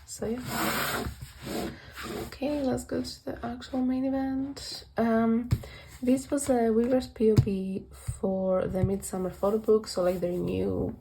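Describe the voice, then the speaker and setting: Casual woman vlogging at home, kinda rambly, laughs a lot, voice a bit worn out and gravelly. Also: on the high side, steady tone, unhurried, mellow, slight background noise, low-quality recording. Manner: chatty and rambling, self-correcting with frequent little laughs. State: losing her voice. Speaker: collector showing her photocard binders. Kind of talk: casual vlog walkthrough.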